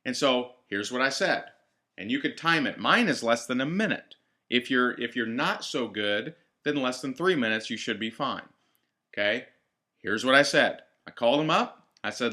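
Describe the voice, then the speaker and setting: A man leads a team training session with a bright, forward tone. He coaches directly and drives his points home by repeating them. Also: mid-range voice, lively intonation, normal speed. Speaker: network marketing trainer.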